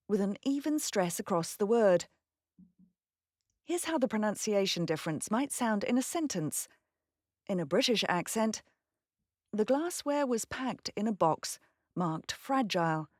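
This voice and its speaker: A woman who is a professional voice actor, presenting a short pronunciation lesson in a clear, precise way. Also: medium pitch, dry recording, studio quality. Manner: clear, precise, lively delivery. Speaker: voice actor and narrator, host.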